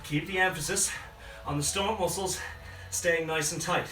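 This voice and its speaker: A man's voice: a little high, fairly even intonation, normal speed, pushed and bright. A man coaching a home workout, out of breath as he counts down reps and gives encouraging cues. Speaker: fitness coach. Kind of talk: live workout instruction with counting. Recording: roomy sound from a distant mic with faint music behind.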